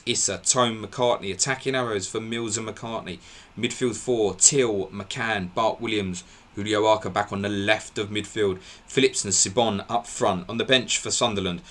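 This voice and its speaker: A podcast host runs a live football show, briskly reeling off team line-ups and chuckling at his own slips. His voice is fairly low in pitch with a fairly bright tone.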